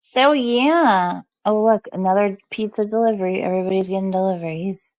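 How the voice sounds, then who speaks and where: A woman's voice: mid-range voice, fairly quick, a little mellow, no room sound, low-quality recording. A woman streaming from home, chatting casually with her viewers and answering chat messages in a rambling way full of "like" and "um". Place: at home, snowed in.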